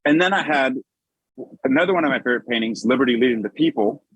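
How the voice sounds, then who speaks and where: Male artist, slide talk on his own work; husky, dry close sound; chatty storytelling with digressions. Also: mid-range voice, expressive, quick pace, a bit bright, dry recording, low-quality recording. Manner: conversational storyteller, loose digressions and restarts. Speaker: artist presenting his paintings. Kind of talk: illustrated gallery talk with slides.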